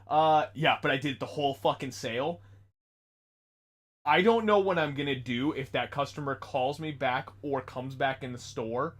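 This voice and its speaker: A man's voice: medium pitch, normal speed, a bit bright. A young man in casual podcast chat, joking and rambling among friends. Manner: joking, rambling, breaks into silly put-on accents. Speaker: podcast co-host.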